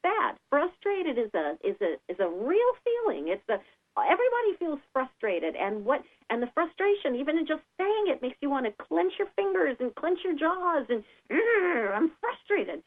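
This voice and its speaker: A woman giving calm, patient advice on children's feelings in a radio interview, sometimes acting out a child's words. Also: normal speed. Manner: calm, explanatory, acts out children's lines in a higher voice. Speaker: guest expert on child behavior. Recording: tinny phone line.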